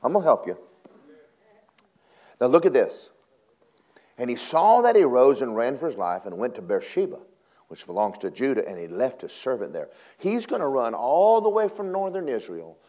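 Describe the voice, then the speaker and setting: A male preacher delivering a sermon, swinging from low murmurs to high, dramatic acted cries. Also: big pitch swings, normal speed, warm tone.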